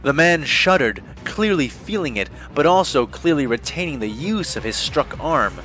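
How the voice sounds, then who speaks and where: A man reading a fan-made war story aloud as narrator, with steady, dramatic storytelling. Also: fairly high pitch, normal speed, soft background music, low-quality recording. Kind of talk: scripted audiobook narration.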